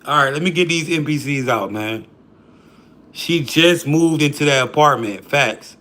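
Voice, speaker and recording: A man's voice: a little high, measured pace, bright, forceful tone. A man hosting a livestream, chatting casually and slangily with his viewers. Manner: laid-back, slangy, addresses chat. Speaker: livestream host.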